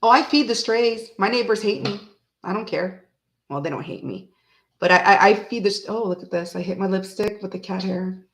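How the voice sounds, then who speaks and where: A woman hosting a tarot reading from home, chatting casually and rambling, who breaks into snippets of old songs and talks softly to her cat. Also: mid-range voice, normal speed, slight background noise. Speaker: tarot reader and channel host. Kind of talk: casual chat on a live reading.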